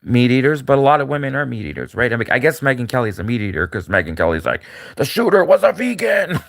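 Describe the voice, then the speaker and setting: A man's voice: mid-range voice, animated, very fast, a bit bright, no echo, clean studio sound. A man talking alone in a rambling, repetitive monologue with many fillers and restarts. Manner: rambling, repetitive, frequent fillers and restarts, mocking put-on voices. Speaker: commentator.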